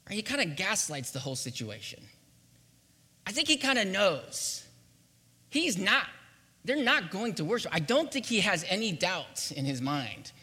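A man preaching a sermon as pastor, playful and animated, acting out quotes and laughing as he goes. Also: high-pitched, normal speed, slightly rough, in a large hall.

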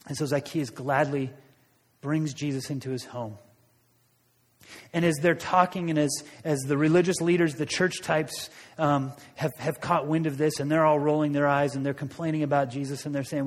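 Male pastor, fairly high voice, casual storytelling sermon, long hall reverb. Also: moderate pace, slightly rough. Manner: conversational storytelling, frequent restarts.

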